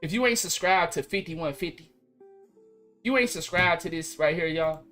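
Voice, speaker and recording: A man hosting a podcast live stream, telling stories in loose, animated casual talk full of slang and repeats. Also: on the high side, normal speed, faint music behind.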